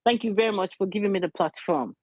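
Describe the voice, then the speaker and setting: A woman's voice: medium pitch, quick pace, husky, no echo. Woman, middle-aged, emotional, insistent, dry close sound, lo-fi. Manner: earnest, emotional, repeats key points. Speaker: community advocate. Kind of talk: impassioned interview testimony.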